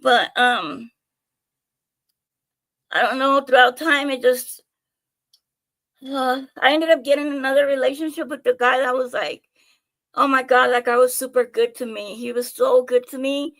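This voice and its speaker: A young woman live-streams casual stories about herself, chatty and animated, swearing plenty and mocking herself. She's out of breath, her high voice unhurried and broken by long pauses.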